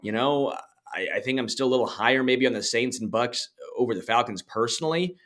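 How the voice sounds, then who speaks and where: A man co-hosting a casual sports podcast, blunt and opinionated, quick to dismiss teams he doesn't trust. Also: mid-range voice, a bit bright. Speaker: podcast co-host.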